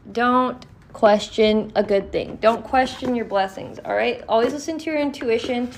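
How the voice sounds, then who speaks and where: A young woman reads tarot cards for her podcast listeners, swearing freely and cheering them on. Her voice sits a little high with a gravelly fry, and she talks slowly, drawing out her words. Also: a little hiss or hum. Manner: profane, blunt, encouraging. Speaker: tarot reader. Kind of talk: casual tarot reading podcast.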